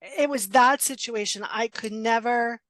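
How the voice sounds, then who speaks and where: A woman's voice: on the high side, measured pace, no echo. A middle-aged woman coach, guest in a casual interview, telling stories bluntly and acting out quoted dialogue. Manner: animated, acts out quoted dialogue, frequent laughs; blunt, direct. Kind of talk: casual podcast interview storytelling.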